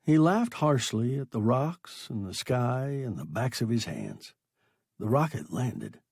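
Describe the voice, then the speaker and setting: A man narrating a science fiction story in a dramatic, expressive audiobook reading. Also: medium pitch, a little slow, creaky, husky, dry recording, studio quality.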